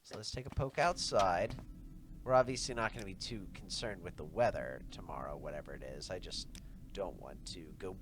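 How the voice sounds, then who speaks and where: A man's voice: low voice, moderate pace, over music. A man hosting a let's play, murmuring gameplay commentary with half-whispered asides.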